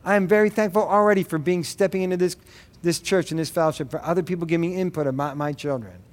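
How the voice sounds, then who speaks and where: A middle-aged man preaching a sermon, earnest and direct, with quick asides. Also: fairly high pitch, fairly even intonation, long reverb tail. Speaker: pastor. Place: gym.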